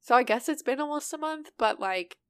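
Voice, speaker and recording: A woman's voice: sits high, lively intonation, brisk, clean tone, no echo, studio quality. A young woman co-hosting a podcast in casual chat, talking candidly with a stuffy nose and laughing often. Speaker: podcast co-host.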